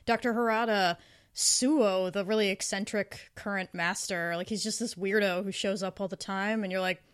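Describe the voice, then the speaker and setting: A woman's voice: medium pitch, fairly even intonation, moderate pace, smooth. A woman co-hosting a podcast, talking casually and enthusiastically about shows, sometimes acting out the lines she quotes. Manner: enthusiastic, acts out quoted characters. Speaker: podcast co-host. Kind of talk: casual podcast review chat.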